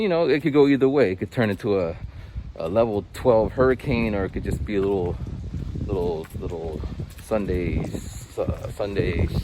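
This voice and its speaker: A man in his forties, an English teacher, casually telling stories in a vlog and acting out quotes with big jumps in pitch. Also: noisy background. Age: 40s.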